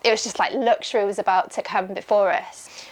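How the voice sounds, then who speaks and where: A woman's voice: mid-range voice, fairly even intonation, fairly quick. A young adult woman, an ultramarathon runner, recalling her race in a candid, chatty documentary interview full of "like" and "um".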